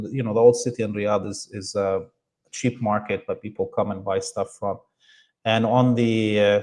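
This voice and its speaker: Animated man telling a story. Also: mid-range voice. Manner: animated, emphatic, many fillers and restarts. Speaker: interview guest. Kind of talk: storytelling in an interview.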